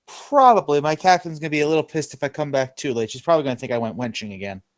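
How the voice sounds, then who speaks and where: A man's voice: fairly high pitch, lively intonation, racing, no room sound. A man playing a tabletop game, casual and joking. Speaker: player.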